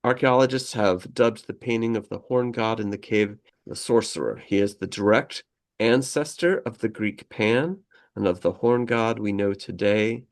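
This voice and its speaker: A man's voice: lowish voice, gravelly. A man co-hosting a casual podcast, reading history aloud and drifting into rambling asides with frequent laughter. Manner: rambling, digressive, laughs often. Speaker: podcast co-host.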